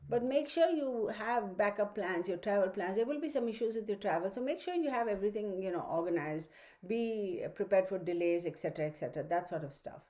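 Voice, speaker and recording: A woman's voice: medium pitch, lively intonation, brisk, mellow. Chatty woman giving a home astrology forecast. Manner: chatty, rambling, lots of fillers and asides. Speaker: astrology reader. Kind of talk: casual astrology forecast monologue. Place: home room with her dog. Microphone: computer microphone.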